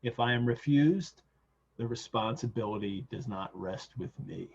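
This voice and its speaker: A man's voice: mid-range voice, normal speed, darkish tone, breathy edge. A man reading aloud the lines of a desperate male asylum inmate pleading for release, over dull lo-fi video call audio. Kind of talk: reading a novel passage aloud.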